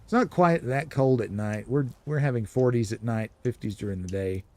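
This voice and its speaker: A man's voice: medium pitch, normal speed, darkish tone, dry recording. A man giving casual, rambling commentary while streaming a video game. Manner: chatty, rambling, explanatory. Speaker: gaming streamer.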